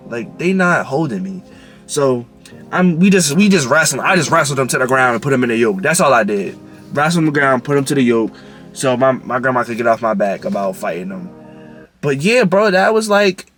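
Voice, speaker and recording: A man's voice: on the high side, fairly bright tone. A young man telling a casual storytime vlog in a slangy, rambling way, full of fillers. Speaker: vlogger.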